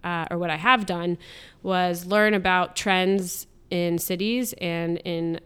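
A woman's voice: on the low side, fairly even intonation, takes it slowly, fairly bright tone, smooth. A woman answering interview questions, earnestly explaining her work in civic programs with a few "um" fillers.

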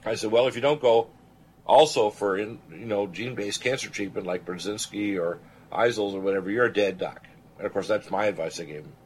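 A man in his sixties, a physician and radio host, telling a personal story in an animated, rambling way, often clearing his throat. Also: on the low side, a little fast, a little hiss or hum, low-quality recording. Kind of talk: storytelling on a talk radio show.

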